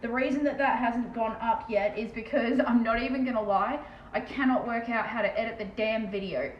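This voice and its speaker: A woman's voice: fairly high pitch, brisk. An Australian woman in her thirties from Western Australia, chatting casually on a live stream while painting, blunt and self-mocking with plenty of swearing. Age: 30s. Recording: roomy, dull lo-fi sound with faint background noise.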